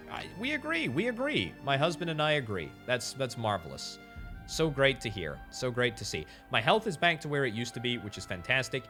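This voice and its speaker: A man giving chatty commentary while playing a management game, thinking out loud and repeating words for emphasis, with faint game music behind him. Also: mid-range voice. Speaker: game streamer. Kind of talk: gameplay commentary.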